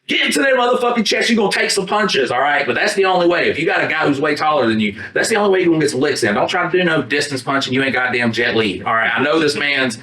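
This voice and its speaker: Telling a rambling story during casual chat, this podcast co-host acts out his own lines and curses along the way. His mid-range voice is bright and forceful, moving quickly with few pauses. He's recorded from across an echoey room on a distant mic, not the podcast mics.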